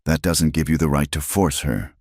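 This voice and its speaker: A man's voice: rumbling low, steady tone, moderate pace, darkish tone, no echo, clean studio sound. A man voicing a stern frontier woman who speaks sharply and scolds.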